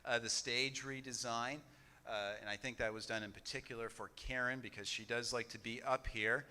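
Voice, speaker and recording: Man chairing a church meeting, bright voice. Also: medium pitch, steady tone. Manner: halting, many fillers and restarts.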